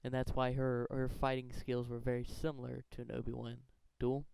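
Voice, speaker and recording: A man's voice: mid-range voice, monotone, normal speed, creaky, a little mellow, smooth, rough recording. A man earnestly talking through a fan theory countdown, rambling and correcting himself as he goes. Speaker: fan theory video maker. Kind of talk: casual countdown commentary.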